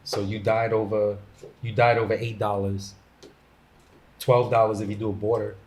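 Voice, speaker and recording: A man in a casual podcast chat, telling animated stories full of slang and acted-out quotes. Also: fairly low pitch, moderate pace. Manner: animated storyteller, acts out quotes with laughter and slang. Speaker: podcast guest.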